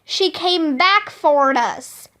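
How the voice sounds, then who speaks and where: A woman voicing an excited, brave young girl in a read-aloud storybook, with high, eager calls. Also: extremely slow, full character voice. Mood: joyful.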